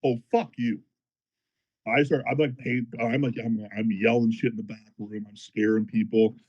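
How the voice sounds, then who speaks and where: Low-voiced profane powerlifter telling a story. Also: male voice, normal speed, husky, highs cut off. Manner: animated, profane, fired-up retelling. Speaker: powerlifter guest. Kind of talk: casual podcast storytelling.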